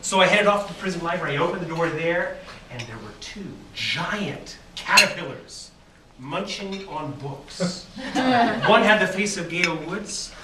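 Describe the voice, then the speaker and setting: High-voiced man telling a playful tale in an echoey hall. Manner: playful, tells an absurd dream tale with deadpan asides. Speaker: keynote speaker. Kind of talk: humorous storytelling speech. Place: banquet hall at an awards dinner. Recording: echoey, distant hall recording with loud noise.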